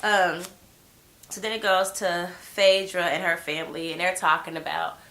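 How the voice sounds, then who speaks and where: A woman's voice: fairly low pitch, flat delivery, moderate pace, fairly bright tone. A woman with a head cold giving a blunt, slangy, gossipy recap of a TV episode in casual chat. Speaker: TV show reviewer.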